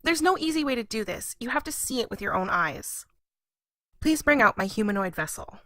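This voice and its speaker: A guilty princess in a video game, pleading and placating. Her voice is high and bright with a sharp edge. The recording is dry, with no room sound. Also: animated, a little fast, no echo. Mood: solemn.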